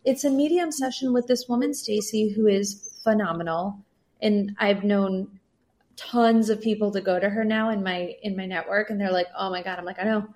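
A woman guest on a podcast, telling personal stories in an earnest, sometimes animated way. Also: medium pitch, moderate pace. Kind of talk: casual podcast conversation.

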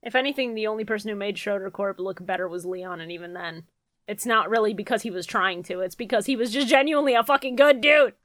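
A woman's voice: medium pitch, quick pace, fairly bright tone, no echo, studio quality. A young woman co-hosting a podcast in casual chat, sardonic and sweary. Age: young adult. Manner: sardonic, swearing, laughs easily. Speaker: podcast co-host.

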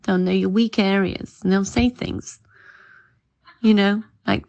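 Earnest gravelly woman preaching. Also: medium pitch, fairly even intonation, slow, long pauses, a little mellow. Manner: earnest, chatty, repeats "amazing". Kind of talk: informal home sermon.

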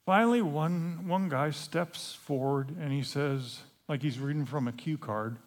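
A man delivers a storytelling sermon in an animated, playful way, acting out scenes as he goes. His voice sits a little high, and he takes his time, often breaking off and restarting a phrase. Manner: halting, with frequent restarts. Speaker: preacher.

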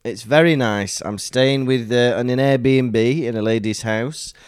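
A man co-hosting a podcast in casual chat, playful and quick to laugh. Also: mid-range voice, clear, resonant tone, no room sound, clean studio sound. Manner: chatty, laughs often, playful banter. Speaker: podcast co-host.

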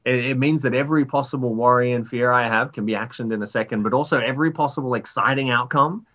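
A man in his thirties, a writer being interviewed, talking in a rambling, animated way full of fillers. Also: quick pace, muffled recording. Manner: animated storyteller, jumps pitch for inner voices. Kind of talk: casual conversational interview.

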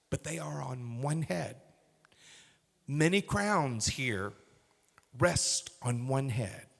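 A male pastor preaching a sermon, swinging from hushed whispers to loud, emphatic bursts. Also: on the high side, vocal fry. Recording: reverberant hall.

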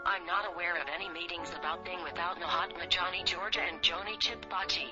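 A calm, formal female voice assistant, played by a woman with a lowish tone. Music plays clearly under a dull, lo-fi sound. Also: brisk, natural voice. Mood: prim.

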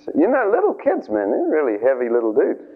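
A man preaching an informal sermon, telling a story and acting out the voices of its figures in a chatty, animated way. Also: fairly high pitch, fast talker, crowd noise. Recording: tinny lo-fi radio broadcast.

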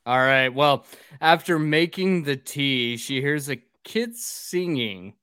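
A man's voice: medium pitch, animated, slow pace, sharp tone, clean tone, no room sound, studio quality. A man hosting a casual drinking podcast, recapping a film plot in a profane, rambling way.

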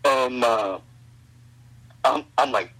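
A man telling a road story as a guest in a casual chat, animated and full of stammered restarts. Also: mid-range voice, very slow, rough recording. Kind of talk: casual anecdote.

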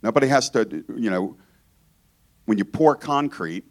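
Animated and a little slow, with a mid-range voice, a Georgian guest preacher gives an informal sermon in a church. He talks conversationally, cracks jokes, and often stops mid-thought to begin again.

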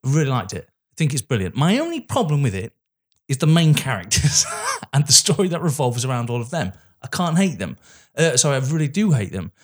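A man's voice: medium pitch, fairly quick. Ranting English man in his thirties. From England. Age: 30s. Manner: animated, ranting, laughs often. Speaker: podcast co-host. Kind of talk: casual film chat.

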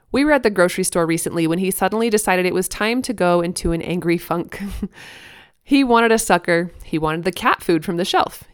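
A woman in her thirties hosting a parenting podcast, speaking earnestly, laughing softly now and then as she reads her own blog post. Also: on the low side, a little fast, clear, resonant tone, no room sound, clean studio sound. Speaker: podcast host.

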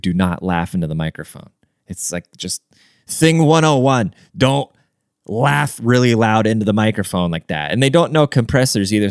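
A man talks through his solo podcast in a loose, rambling way, swearing freely and filling his sentences with "like" and "dude". His voice comes across smooth and clear, recorded close to the mic in a dry space. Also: fairly low pitch, no echo. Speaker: podcast host. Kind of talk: casual podcast monologue.

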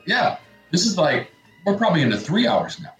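A man's voice: sits high, sing-song, brisk, fairly bright tone, roomy sound, soft background music. Rambling middle-aged male radio co-host. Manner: rambling storyteller, acts out family quotes. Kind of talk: casual chat.

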